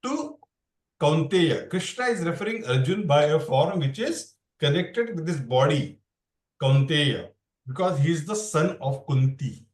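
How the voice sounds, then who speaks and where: A man's voice: fairly high pitch, lively intonation, unhurried. A man teaching a Bhagavad Gita class in a loose, rambling way, often restarting his sentences. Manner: rambling, restarts, mixes English with Hindi. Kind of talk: explaining scripture in a casual class. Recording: roomy sound, far from the mic.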